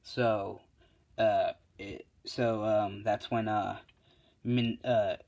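A man casually retelling a fan story, halting with many fillers and self-corrections. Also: on the low side, little pitch movement, a little mellow.

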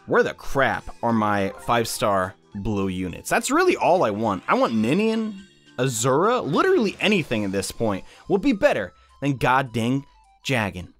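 A young man hosting casual gaming commentary, excitable and chatty, with frequent exclamations. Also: medium pitch, normal speed, soft background music. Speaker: YouTube gaming host.

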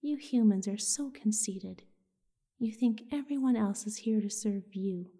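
A woman voicing a grumpy, busy woodpecker in a soft, hushed storybook reading. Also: mid-range voice, measured pace.

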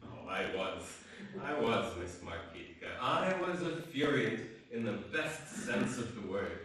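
Male actor as a fond, boastful old charmer; low-pitched, heard from afar on stage. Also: big pitch swings, measured pace, a bit bright, a little hiss or hum. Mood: fond, teasing. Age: older. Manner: teasing, chuckling, fond. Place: theater stage. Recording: echoey stage from far off.

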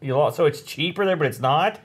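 A man trades teasing jokes in casual podcast banter. His voice sits a little higher than most men's. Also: lively intonation, fairly quick, husky. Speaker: podcast co-host. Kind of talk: casual chat.

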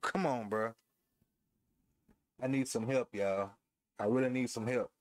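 A man's voice: mid-range voice, steady tone, a little slow, no echo. Man, gamer, casual commentary, trash talk, laughing, headset mic, dry sound. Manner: trash-talking, laughing, talks to viewers and opponent. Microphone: headphones headset.

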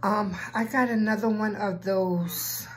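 A woman vlogger in casual chat, talking slowly and from the heart, with a Black way of speaking and frequent ums. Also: medium pitch, fairly even intonation, rough recording. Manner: slow and heartfelt, with filler ums.

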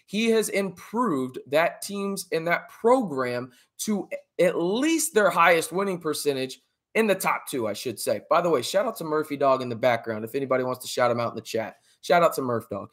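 A man's voice: fairly high pitch, animated, normal speed, fairly bright tone. A man hosting a sports podcast, talking casually to a live chat and often tagging his points with "right?". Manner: emphatic, often adds "right?". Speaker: podcast host. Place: home studio with a dog in the background.

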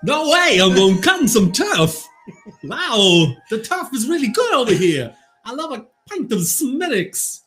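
A man's voice: extremely high pitch, very animated, unhurried, fairly bright tone, soft background music, pitched above the performer's own voice, exaggerated voice. A man putting on a hammy fake Irish brogue. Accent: exaggerated fake Irish. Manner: over-the-top, jokey.

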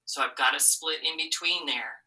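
A woman teacher leads a children's phonics lesson with a very low but sharp, bright voice. She is patient and encouraging, asking questions and waiting for answers. The recording catches her from a little distance away. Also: moderate pace.

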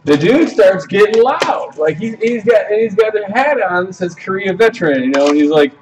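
A man with a high voice rants his way through a story on a card break stream, lively and full of swearing. He sits back from the mic, so he sounds distant, and loud music plays behind him. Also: normal speed, hardly any pauses. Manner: animated, swearing, retells quotes in voices. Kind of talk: casual storytelling rant. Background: music playing.

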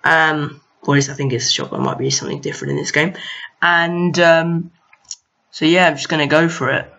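Recorded on a lo-fi home mic, a young gaming video host talks casually over his own gameplay, addressing enemies on screen with mild exasperation. His voice is on the high side, expressive and brisk, gravelly with a sharp tone.

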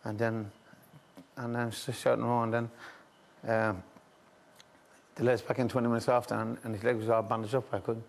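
An Irish man telling a story as a chat show guest, halting and repetitive, with frequent restarts and "I said". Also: mid-range voice, level tone, creaky. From Ireland.

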